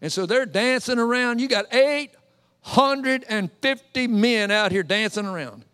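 A high-voiced male preacher delivers his sermon as a lively, joking story, acting out each scene. His voice rings through a large church with a long, trailing reverb. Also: a little slow, smooth.

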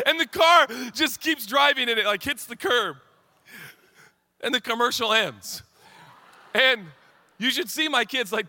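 A middle-aged man as pastor giving a sermon, telling a story with animated energy that rises into excited shouts and laughter. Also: extremely high pitch, a little slow, long pauses, big-room sound.

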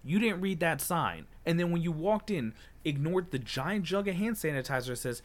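A man's voice: a little high, lively intonation, moderate pace. Young male podcast co-host, indignant and profane, storytelling with acted-out retorts. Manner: heated, profane storytelling, acting out his own retorts. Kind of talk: casual podcast chat.

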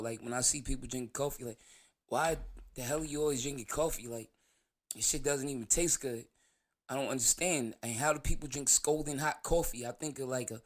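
A man's voice: medium pitch, a bit bright. A man from New York hosting his own show, telling a rambling story in casual talk, laughing and swearing as he goes. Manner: rambling, laughs through the story, loose profanity. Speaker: show host.

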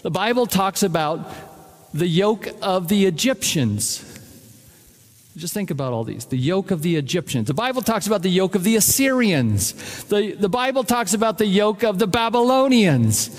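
High-voiced man preaching in a reverberant hall. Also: big pitch swings, normal speed. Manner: emphatic, repeats key phrases, addresses congregation directly. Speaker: pastor. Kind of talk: sermon. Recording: long reverb of a large hall.

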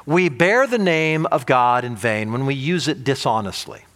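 A male pastor preaching a sermon, animated, asking the audience rhetorical questions and often restarting and repeating words. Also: medium pitch, moderate pace.

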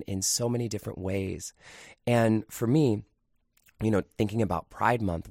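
A man's voice: lowish voice, gravelly, no echo, clean studio sound. A man hosting a podcast, telling a personal story in a candid, confiding, conversational way. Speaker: podcast host.

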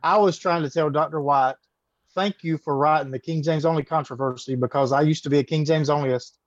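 A man's voice: fairly high pitch, steady tone, brisk, dry recording, muffled recording. A man with a Southern accent from Georgia, a guest speaking politely and earnestly. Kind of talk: casual chat.

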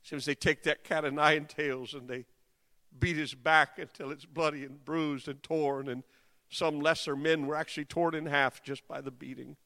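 Male preacher, dramatic storytelling, forceful tone, fairly high voice, reverberant hall. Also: steady tone, normal speed. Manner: swings from hushed to impassioned cries.

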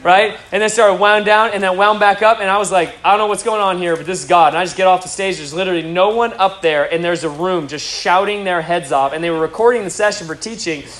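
A man preaching a sermon, telling stories with lively acted quotes. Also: high voice, brisk, hardly any pauses. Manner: energetic storytelling with acted quotes. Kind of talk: sermon storytelling. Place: large hall with audience. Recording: roomy hall from a distance, crowd.

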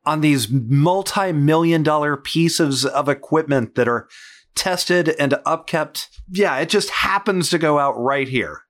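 A man's voice: on the high side, a little slow. A man co-hosting a casual chat show, playful and jokey. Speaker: podcast co-host.

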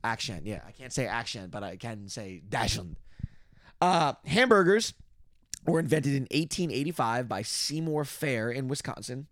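A man's voice: medium pitch, animated, normal speed, fairly bright tone, no room sound. Dry-voiced man reading podcast notes. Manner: reads facts from notes, rambling asides. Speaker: podcast co-host. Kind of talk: casual chat.

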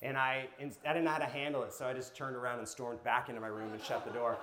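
A man preaching and teaching to a live group, energetic, asking the room questions and telling personal stories. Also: medium pitch, fast, crowd noise. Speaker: pastor teaching a class.

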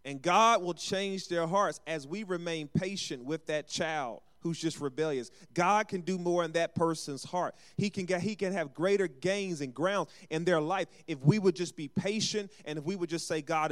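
A man's voice: a little high, moderate pace, few pauses. A man preaching a sermon as pastor, calling for amens and acting out short everyday exchanges. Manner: call-and-response preaching with acted asides.

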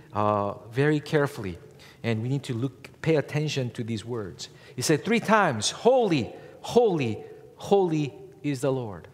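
Man, pastor, sermon, slow deliberate pace, slightly high voice, long church reverb. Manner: slow, measured delivery with emphatic rises on key words. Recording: long reverb from a large hall.

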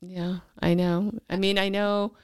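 A woman's voice: mid-range voice, little pitch movement, a little slow, smooth, dry recording, clean studio sound. A woman hosting a podcast interview, talking carefully and hesitantly, often trailing off. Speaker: podcast host.

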